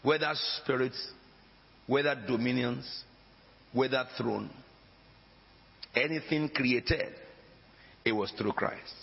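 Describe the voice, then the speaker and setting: A man's voice: mid-range voice, slow, creaky, long pauses. A man preaching a sermon as pastor, emphatic, with dramatic rises and drops in his voice. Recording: dull lo-fi recording with long hall reverb.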